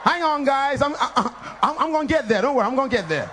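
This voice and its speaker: High-voiced fiery male preacher. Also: lively intonation, fast talker, background noise. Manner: fiery, call-and-response preaching with shouts and laughter. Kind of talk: sermon.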